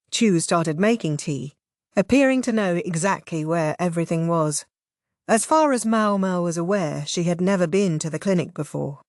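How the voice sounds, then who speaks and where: A woman reading a novel aloud as audiobook narrator, in an even, measured way. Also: lowish voice, no echo, studio quality. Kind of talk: scripted narration.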